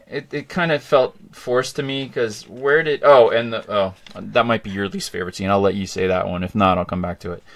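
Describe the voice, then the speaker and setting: Man, podcast host, middle-aged, excitable, rambling, casual movie chat. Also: mid-range voice.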